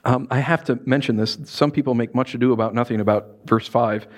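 A man preaching a sermon, reading scripture and telling stories with lively, acted-out voices. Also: medium pitch, fairly quick. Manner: animated storytelling with acted-out voices.

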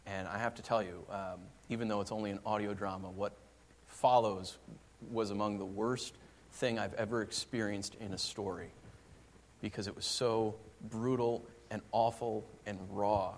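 A male pastor preaching a sermon, dropping to hushed, slow lines and then rising into fervent, pleading passages. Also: on the low side, fairly even intonation, a little hiss or hum.

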